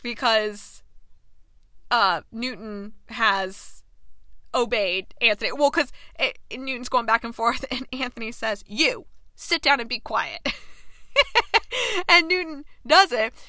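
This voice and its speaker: A woman's voice: a little high, takes it slowly, long pauses, sharp tone, no room sound. A woman in a casual recap, animatedly acting out characters' lines and reading passages aloud. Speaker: book and TV commentator.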